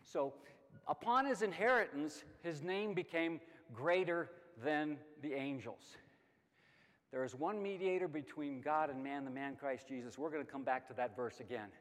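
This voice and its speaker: A middle-aged man teaching a Bible lesson, emphatic and lively, asking questions and answering them himself. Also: on the high side, normal speed. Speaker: Sunday school teacher. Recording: long hall reverb.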